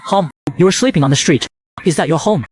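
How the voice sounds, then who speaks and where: A man voicing a pushy, possessive male shark in a quick comic recap, teasing and persistent. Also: on the high side, a little hiss or hum, close to an everyday voice.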